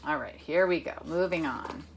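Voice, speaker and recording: A woman music teacher reading a picture book aloud to children, chanting words in a steady rhythm and giving patient, step-by-step instructions. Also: sits low, moderate pace, creaky, slight background noise.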